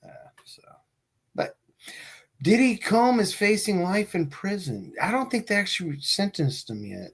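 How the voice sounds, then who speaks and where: A man's voice: sits high, very animated, unhurried, husky. A man co-hosting a comedy podcast, talking in crude, rambling casual banter and often repeating himself. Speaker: podcast co-host.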